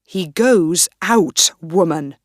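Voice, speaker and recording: A woman voicing an angry, menacing nobleman who gives slow, loud commands. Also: fairly low pitch, lively intonation, no room sound, clean studio sound, exaggerated voice.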